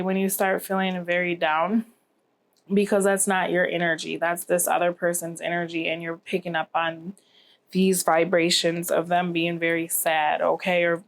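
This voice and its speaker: A tired, yawning woman giving a rambling tarot reading to camera, often asking "okay?". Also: on the low side. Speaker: tarot reader.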